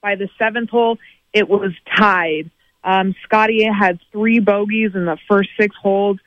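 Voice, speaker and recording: A man's voice: high-pitched, steady tone, a little slow, dry recording. A man giving a casual sports recap as a remote correspondent, chatty and full of fillers. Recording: dull lo-fi remote line.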